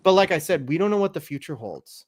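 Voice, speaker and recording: Brief: male podcast host, animated and profane, higher-pitched voice, casual chat. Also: quick pace. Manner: animated, swears freely, rises high when excited.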